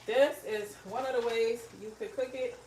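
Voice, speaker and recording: A woman's voice: fairly high pitch, steady tone, moderate pace, darkish tone. Woman cooking live in her kitchen, chatty, talks right to the viewers, bit of faint noise behind. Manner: chatty, talks straight to viewers, reads out comments. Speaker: cooking livestream host. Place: home kitchen.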